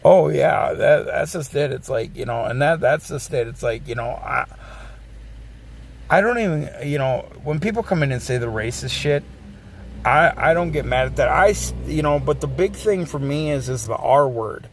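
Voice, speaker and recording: A man's voice: fairly high pitch, lively intonation, moderate pace, gravelly, slight background noise. A man in his forties, a streamer, ranting bluntly and casually, swearing and circling back with restarts. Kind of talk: casual rant.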